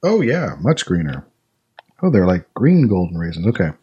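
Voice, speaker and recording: A man's voice: low-pitched, big pitch swings, normal speed, warm tone, slightly rough, muffled recording. A man hosting a casual chat, thinking aloud and musing with fillers as he tastes snacks. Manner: chatty, thinks aloud with fillers while eating. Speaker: podcast host tasting snacks.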